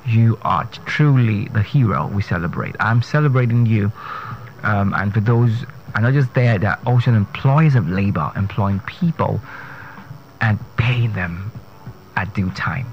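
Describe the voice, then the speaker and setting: A man, a speech coach giving an emphatic pronunciation lesson, repeating and spelling out words. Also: on the low side. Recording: dull lo-fi sound with faint noise.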